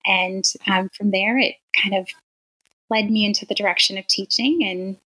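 A woman in her forties from Wisconsin, a teacher telling her story as a guest in a casual interview, earnest and quick to laugh. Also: mid-range voice, fairly even intonation, pushed and bright, poor audio.

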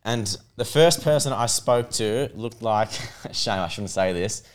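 A young Australian man telling a story on a podcast, animated and laughing as he goes. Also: on the low side, unhurried. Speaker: podcast guest. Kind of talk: casual storytelling.

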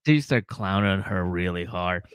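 A man co-hosting a casual comedy podcast, laughing a lot and acting out people's lines in quick put-on voices. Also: deep voice, animated, smooth. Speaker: podcast co-host recapping a reality show.

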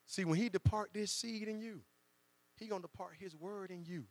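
A man preaching, his voice high and gravelly. He talks to the congregation like a friend and acts out quotes. The hall gives a long reverb, and a low mains hum runs underneath. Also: moderate pace. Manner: conversational preaching with dramatized quotes. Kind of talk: sermon.

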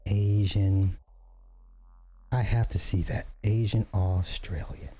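A man hosting a podcast, giving casual reaction commentary with excitable, joking asides. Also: sits low, takes it slowly, slightly rough, soft background music. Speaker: podcast host reacting to videos.

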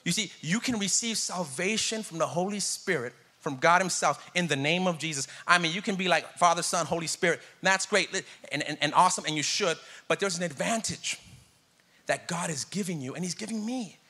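A man's voice: sits high, a little fast, pushed and bright. A man in his thirties preaching a sermon in a conversational, joking way, calling out to the congregation. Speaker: pastor.

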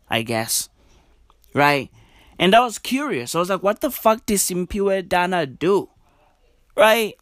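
A young man rants to camera at an unhurried, drawn-out pace. He swears freely and talks in slang, sounding exasperated. His voice sits fairly high, and the recording is close and dry with no room sound. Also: a bit bright, no echo. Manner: drops to low mutters and jumps up high for emphasis. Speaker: vlogger. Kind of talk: casual ranting commentary.

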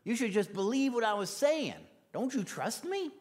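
A man doing a bragging apostle with a New York accent, high pitched, brash and demanding. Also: very animated, normal speed, big-room sound. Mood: boastful. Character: boastful apostle Paul, a pushy grown man.

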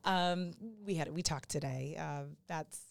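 A woman's voice: low-pitched, vocal fry. A woman co-hosting a podcast in casual chat, rambling and joking as she talks. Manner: chatty, rambling, quick to joke. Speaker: podcast co-host.

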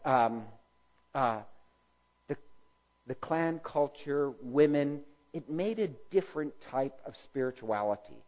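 A man's voice: medium pitch, a little mellow, poor audio. Male lecturer, casual and rambling, frequent fillers and self-corrections. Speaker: speaker teaching church history.

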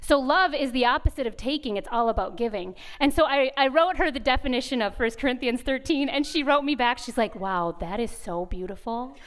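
Woman, retreat speaker, high voice, smooth and clear, animated storyteller, chatty devotional talk in a chapel. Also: a little fast, hardly any pauses. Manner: animated storytelling, acts out dialogue; laughs often, candid and confessional.

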